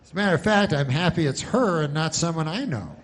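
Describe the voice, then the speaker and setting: A man doing stand-up comedy, telling a long story in a deadpan, rambling way. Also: fairly high pitch, brisk.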